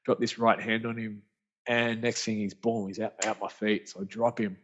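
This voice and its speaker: A man's voice: fairly low pitch, moderate pace, a little hiss or hum. An Australian man telling a story as a podcast guest, casual and slangy, with lots of restarts. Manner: animated, rambling, slangy with frequent restarts. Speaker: guest, author and speaker. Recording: dull lo-fi podcast audio.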